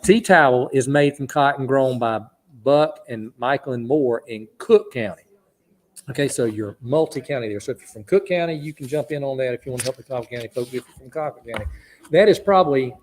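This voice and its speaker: A man's voice: mid-range voice, a little mellow. A man with a Southern Georgia accent, hosting a live radio charity auction with folksy, joking banter.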